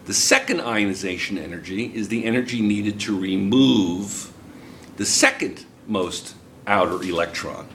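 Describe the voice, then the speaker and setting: American guy teaching chemistry, jersey accent, bright voice, keeps quizzing the class, bit of room noise. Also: lowish voice, a little slow. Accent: New Jersey. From United States. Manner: chatty, asks the class questions. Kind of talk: classroom lecture.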